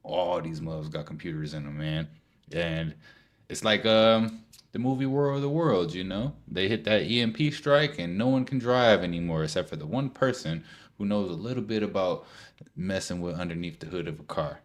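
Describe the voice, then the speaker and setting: A man with a very low voice riffing on clips in relaxed, slangy commentary. He sounds incredulous and chuckles between remarks. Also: normal speed. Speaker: host reacting to clips. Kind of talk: casual reaction commentary.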